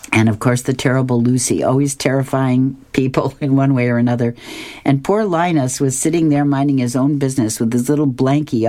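A woman's voice: a bass voice, mellow. A woman radio host reading comic strips aloud, chuckling as she goes.

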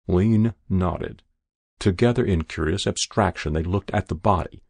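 Deep gravelly male narrator. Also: expressive, moderate pace, darkish tone, no room sound, clean studio sound. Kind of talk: scripted narration of a short story.

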